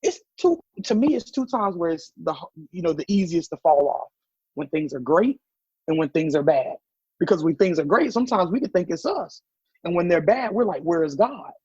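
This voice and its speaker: A man with a Southern accent talks in a slightly high, husky voice as a podcast guest, full of animated storytelling and quoted voices. The recording is dry and close, with a dull, slightly muffled tone. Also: normal speed, dry recording. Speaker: podcast guest, business owner. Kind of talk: casual interview chat.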